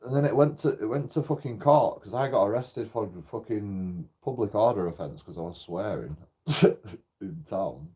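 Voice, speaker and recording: A man's voice: fairly low pitch, normal speed, mellow. A British man telling stories in a casual, rambling way while streaming a game, swearing often and laughing as he goes. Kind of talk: casual storytelling while gaming.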